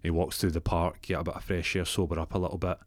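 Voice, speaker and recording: A Scottish man spinning a comic yarn, his voice deep and low. He rambles, swears and trips over his own words, recorded dry and close. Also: little pitch movement, fast talker, dry recording. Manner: rambling, profane, self-interrupting. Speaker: storyteller. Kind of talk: comic storytelling.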